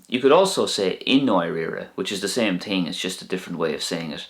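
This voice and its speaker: A man teaching vocabulary, speaking slowly and clearly and repeating each word for learners. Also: low-pitched, fairly bright tone. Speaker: Irish language teacher. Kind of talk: slow, clear language lesson.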